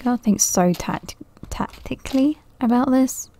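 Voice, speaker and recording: A woman's voice: fairly high pitch, measured pace, mellow, no room sound. A woman giving casual let's-play commentary, thinking aloud nervously, often laughing and dropping to a whisper. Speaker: gaming video creator.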